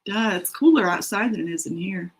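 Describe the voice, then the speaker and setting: A middle-aged woman with a somewhat husky voice hosts a writing sprint from her home. Her talk is casual and rambling, with self-deprecating asides. She speaks in a middle pitch, like someone chatting with viewers. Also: animated, brisk, rough recording. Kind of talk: casual livestream chat, reading out comments. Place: home room.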